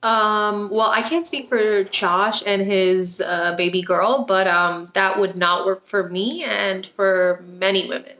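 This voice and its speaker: A woman's voice: medium pitch, dull audio. A woman playing a patient, exasperated dating coach. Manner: calm, measured, growing exasperated. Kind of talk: comedy sketch podcast. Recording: roomy, echoey sound.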